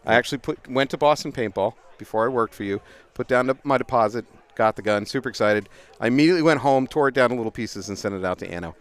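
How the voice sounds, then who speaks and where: A middle-aged man, casually telling animated paintball stories as a livestream commentator outdoors. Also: medium pitch, fast talker. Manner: animated, laughing storyteller.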